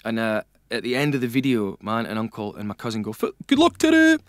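A middle-aged man with a North-east Scottish accent, chatting as a guest in a radio studio and telling lively stories with frequent laughs. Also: on the low side, quick pace, no room sound. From North-east Scotland. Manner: lively storyteller, laughs often. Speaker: guest singer. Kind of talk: casual radio chat.

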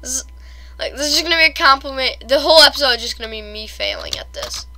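Young woman gaming, high voice that jumps all over, gets loud and squealy. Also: fast, slight background noise. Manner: excitable, shrieks and gasps at fails. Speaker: gamer. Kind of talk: casual gameplay commentary.

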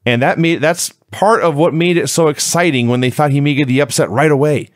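A man's voice: a little high, fairly quick, dry recording, studio quality. A man co-hosting a casual review podcast, recapping events in an easygoing way and laughing often. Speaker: podcast co-host.

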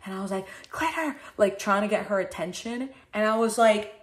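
Animated, swearing woman streamer. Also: medium pitch, fairly quick. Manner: animated, swears often, acts out her own past reactions. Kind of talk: casual storytelling on a livestream.

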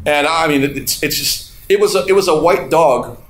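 A man preaching to a congregation, his slightly high voice carrying through an echoey hall. He tells stories with laughter and acts out what others said. Faint room noise sits underneath. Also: moderate pace, fairly bright tone. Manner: storytelling with laughter and acted-out quotes. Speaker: pastor. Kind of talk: sermon. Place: church hall. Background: congregation responding.

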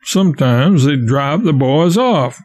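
A man reading the part of a frightened young stowaway who pleads and spins quick tales. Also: a little high, expressive, darkish tone. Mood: pleading. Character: scared young stowaway boy, quick with a lie.

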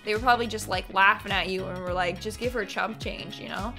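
A young woman hosting a casual reaction video, chatty and expressive, easily moved. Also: mid-range voice, quick pace, over music.

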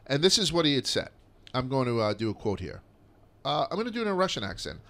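A man's voice: mid-range voice, lively intonation, a little fast, a bit bright. A man in his thirties hosting a podcast in a casual, rambling way, swearing freely and using plenty of fillers. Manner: rambling, profane, with lots of fillers. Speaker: podcast host.

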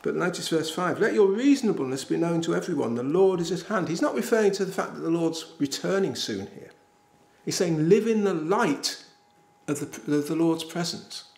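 An older English man delivers a sermon with earnest emphasis, his voice slightly high and gravelly. He leans on repeated phrases to drive each point home, and the sound carries the echo of a small church room. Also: expressive, normal speed, darkish tone. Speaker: preacher.

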